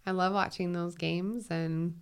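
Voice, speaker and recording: A woman with a Minnesotan accent, a guest talking in a reflective, unhurried way and laughing easily. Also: on the low side, steady tone, clean tone. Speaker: guest, 911 call taker and dispatcher. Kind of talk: casual conversation.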